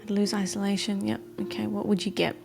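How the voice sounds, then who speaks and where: A woman's voice: medium pitch, flat delivery, creaky, music in the background. Encouraging woman leading a coaching exercise. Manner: encouraging, slows down to read out questions. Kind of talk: casual live-stream coaching chat.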